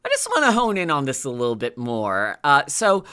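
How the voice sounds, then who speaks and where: A woman co-hosting a podcast in casual chat, talking in a chatty, animated way with lots of fillers. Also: a bass voice, a little fast, clean tone. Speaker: podcast co-host.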